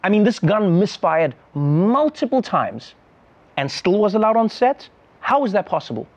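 A man's voice: high voice, sing-song, moderate pace, dull audio. A man hosting a comedy show, delivering a sarcastic, incredulous satirical monologue.

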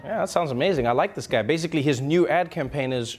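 A man hosting a late-night comedy show, delivering a jokey news monologue in an animated manner. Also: on the high side, fast talker, few pauses, faint music behind. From Africa. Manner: animated, jokey, puts on silly voices.

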